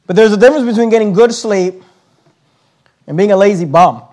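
A man delivers a sermon in a high voice. He slows down hard on the words he wants to land and circles back on his phrases with emphatic repetition. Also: darkish tone. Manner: emphatic, slows on key words, repeats himself. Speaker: pastor.

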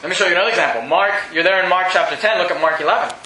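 A man's voice: high-pitched, rapid-fire, sharp tone, slight background noise. A male pastor preaching an emphatic, mocking sermon, quizzing his congregation. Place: church hall with congregation. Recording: echoey church hall.

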